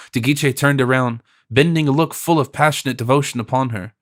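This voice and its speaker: A man reads a classic novel in a steady, formal storytelling style. His voice sits in a middling register, and the recording is dry and close, with no room sound. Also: medium pitch, brisk, few pauses, dry recording. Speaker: audiobook narrator. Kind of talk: scripted narration.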